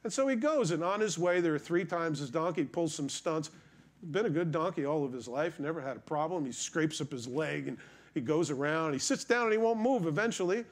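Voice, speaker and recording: Man preaching, higher voice, vivid storyteller, talks to his flock. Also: fairly quick. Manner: storytelling, animated, addresses congregation. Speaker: pastor. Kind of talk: sermon.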